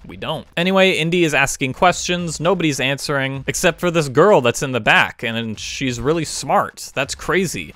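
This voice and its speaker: A man's voice: mid-range voice, fairly bright tone, dry recording. A man reviewing a film in casual commentary, with a sarcastic manner.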